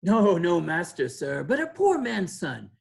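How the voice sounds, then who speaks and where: A woman reading the part of a muddled, humble, half-blind poor old man in an amateur play reading, halting and doddering. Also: lowish voice, big pitch swings, vocal fry, darkish tone, full character voice. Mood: confused.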